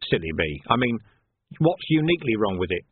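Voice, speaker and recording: A man's voice: fairly low pitch, sing-song, a little fast, slightly rough, dry recording. A man reading a story aloud, voicing a worldly male city watch sergeant who speaks with understated irony. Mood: dry. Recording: dry, phone-like narrow sound.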